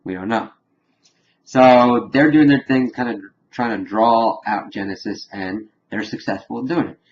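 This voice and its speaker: Guy rambling thru a tv episode recap, mid pitch, kinda muffled lo-fi audio. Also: unhurried, a little hiss or hum. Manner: rambling, animated retelling with laughs. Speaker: TV episode reviewer. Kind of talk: casual spoiler recap.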